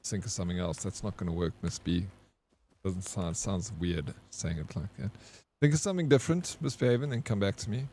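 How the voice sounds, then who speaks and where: A man's voice: low voice, expressive, brisk, dark tone. A man with a South African accent talks loosely to his stream while he plays. He greets viewers by name and swears freely, in an easygoing, chatty way. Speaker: game streamer. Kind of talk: casual live-stream chat.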